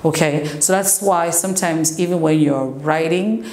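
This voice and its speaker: A woman teacher explaining English grammar in a slow classroom lesson, sometimes switching into French. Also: low-pitched, a little mellow. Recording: echoey room with faint noise.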